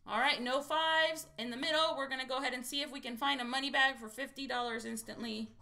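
High, bright, excitable woman streamer. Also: fast talker. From Texas. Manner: chatty and excitable, keeps saying "you guys". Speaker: lottery scratch-off livestream host. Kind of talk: casual livestream chat to viewers.

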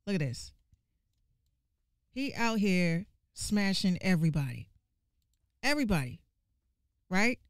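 A woman giving casual gaming commentary, ranting in an animated, profane and exasperated way and repeating lines for emphasis. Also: mid-range voice, takes it slowly, long pauses, smooth, no room sound, studio quality.

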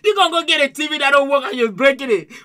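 A man hosting a music reaction video, talking loudly and excitedly in slangy, shouted commentary. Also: very high-pitched, racing. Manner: loud, shouting, laughing, slangy. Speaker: YouTube music reaction host.

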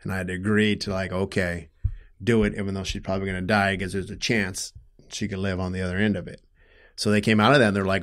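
Middle-aged man, lowish voice, interview guest; halting, emotional storytelling, gets heated. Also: level tone. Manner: emotional, halting, restarts often, grows loud when upset. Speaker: guest telling his story.

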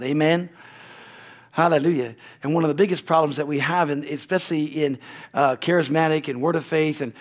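A middle-aged American pastor preaching a sermon, with frequent amens and hallelujahs. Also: male voice, on the high side. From United States. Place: church sanctuary.

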